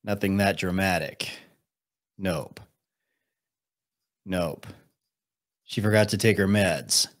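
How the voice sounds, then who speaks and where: A man's voice: deep voice, takes it slowly, long pauses. A young man hosting a live stream, reacting to videos with dry, sarcastic remarks and reading out chat. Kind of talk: casual live-stream commentary.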